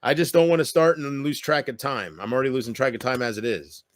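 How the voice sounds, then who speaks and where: A man vlogging a bitter, taunting rant straight to camera, swinging from loud outbursts to low mutters. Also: expressive, fast talker, no echo, clean studio sound. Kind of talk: ranting monologue to camera.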